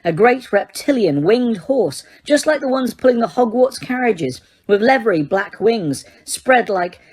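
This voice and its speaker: A woman narrating an audiobook in a steady reading voice, sometimes correcting a slipped word. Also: a little high, unhurried, husky.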